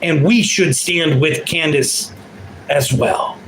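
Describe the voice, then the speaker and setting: Loud, profane man in his fifties. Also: fairly high pitch, takes it slowly, a little hiss or hum, poor audio. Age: 50s. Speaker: livestream commentator. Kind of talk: unscripted ranting livestream.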